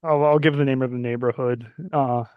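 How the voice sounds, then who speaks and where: Regular guy playing a tabletop game, casual and halting, dry close mic. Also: mid-range voice, steady tone, smooth, dry recording, narrow, tinny audio. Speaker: player.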